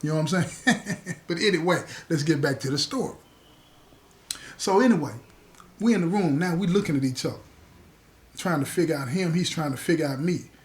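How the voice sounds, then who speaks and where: A man spins a story from his past in loose, slangy talk, jumping into the other people's lines as he goes. His voice sits a little high for a man. The telling stays casual and lively. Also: fairly quick, long pauses.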